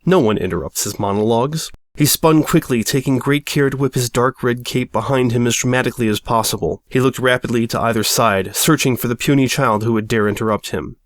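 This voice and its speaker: A man's voice: medium pitch, fairly quick, hardly any pauses, dry recording, clean studio sound. A man narrating a story aloud with a wry, mock-dramatic delivery. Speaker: audiobook reader.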